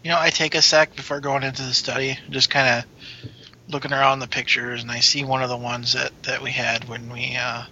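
A man's voice: mid-range voice, flat delivery, brisk, sharp tone. A man playing in a tabletop role-play, joking and casual. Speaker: player. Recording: dull lo-fi.

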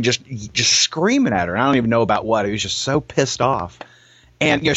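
His voice is low and a touch rough as he co-hosts a podcast, animatedly playing out quoted voices while sharing stories in easygoing conversation. The sound is dull, lo-fi and dry, with no room sound at all.

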